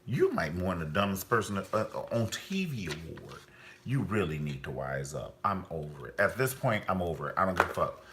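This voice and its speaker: Man, low voice, forceful edge, blunt profane TV review rant, theatrical. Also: sing-song, normal speed, a little hiss or hum. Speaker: TV show reviewer. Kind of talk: ranting commentary vlog.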